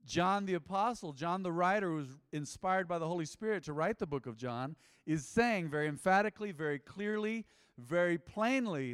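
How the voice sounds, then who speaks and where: A man's voice: high voice, expressive, moderate pace, clean tone, dry recording, studio quality, big-room sound. A man preaching a sermon as pastor, emphatic and repeating phrases, calling on the congregation to answer back.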